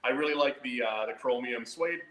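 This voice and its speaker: A man's voice: mid-range voice, brisk, fairly bright tone, roomy sound, rough recording. A man co-hosting a live sharpening show, chatting casually and easygoing, calling people "man". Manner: laid-back, chatty, says "man" a lot. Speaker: co-host of a knife sharpening show. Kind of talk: casual live-stream chat. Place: knife shop.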